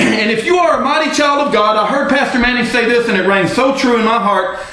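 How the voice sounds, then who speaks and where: A man delivering an angry, rambling monologue to camera, often shouting. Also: extremely high pitch, fairly quick. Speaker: political video blogger. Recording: very echoey room.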